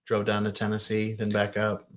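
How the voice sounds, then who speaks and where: A man's voice: on the low side, completely flat delivery, normal speed. A man co-hosting a podcast, laid-back and blunt, swearing casually in chat. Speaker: podcast co-host.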